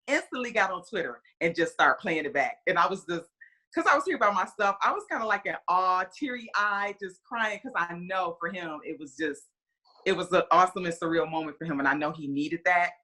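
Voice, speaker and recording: A woman in her forties tells a story with a lower voice and a forceful, bright edge. She rambles with plenty of "you know" and "kinda," and breaks into livelier voices whenever she acts out what people said. The talk is a loose, chatty guest interview. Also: fairly quick. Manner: animated, re-enacts conversations in quoted voices. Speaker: guest, mother of a player.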